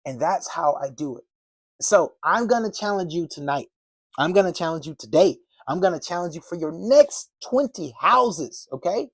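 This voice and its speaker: Animated slangy man coaching sales. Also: on the high side, moderate pace, breathy edge, no room sound. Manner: casual, slangy, acts out doorstep dialogues. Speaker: door-to-door sales trainer. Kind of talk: animated sales training talk.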